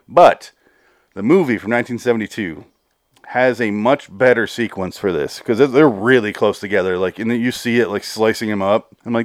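A man's voice: on the low side, fairly quick, no room sound, clean studio sound. A man hosting a solo review podcast, rambling and cursing, with exasperated rants. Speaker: podcast host.

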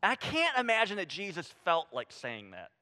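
A man preaching a sermon, animated and conversational, acting out quoted voices and dropping to a hush for emphasis. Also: high voice, moderate pace. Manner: animated, swings from loud emphasis to hushed near-whisper; acts out quoted voices, casual fillers like "I mean" and "right?". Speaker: pastor.

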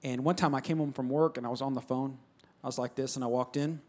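Talking fast in a mid-range, somewhat mellow voice with fairly even intonation, a male pastor gives an emphatic, conversational sermon. He repeats phrases and calls out to his congregation.

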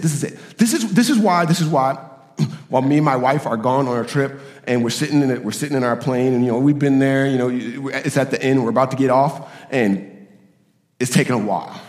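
A man preaching a sermon, animated and given to repeating his points and acting out quoted voices. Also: medium pitch, echoey room, long reverb tail. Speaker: pastor.

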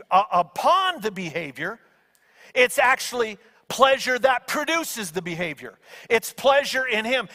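High-voiced, animated male preacher. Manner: animated storytelling, acting out angels with shouts. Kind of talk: sermon. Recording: long hall reverb.

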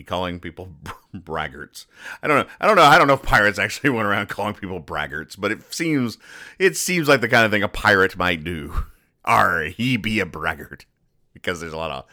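A man hosting a comedy podcast, recapping comic strips in a rambling, self-deprecating deadpan. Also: on the low side, no echo, studio quality. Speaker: podcast host.

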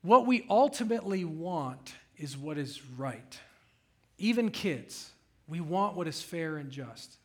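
Middle-aged guy preaching, kinda high voice, gets loud and animated telling stories. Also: takes it slowly. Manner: animated storytelling, voice rising when recounting raised voice. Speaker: pastor. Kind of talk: sermon.

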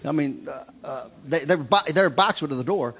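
A man preaching a sermon as a story, swinging from loud, excited shouts to hushed, intense lines. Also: fairly high pitch, a little fast, slightly rough.

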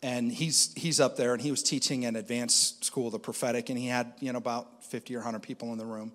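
A man's voice: mid-range voice, fairly even intonation, brisk, fairly bright tone, big-room sound. A man who interprets dreams, telling a story in conversation, acting out the voices he quotes and laughing often.

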